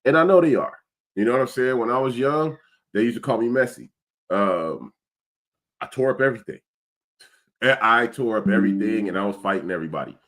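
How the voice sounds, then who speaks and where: A man hosting a casual talk stream, telling stories in a relaxed way and laughing often. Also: mid-range voice, a little fast, long pauses. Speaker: podcast host. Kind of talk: casual chat.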